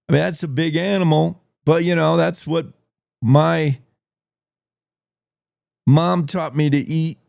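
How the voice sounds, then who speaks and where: A man's voice: on the high side, animated, takes it slowly, vocal fry, pauses often, darkish tone, no echo, clean studio sound. A man hosting a morning radio show, rambling and joking as he tells a story. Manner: jokey, rambling, plays a wolf in first person. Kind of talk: casual talk radio monologue.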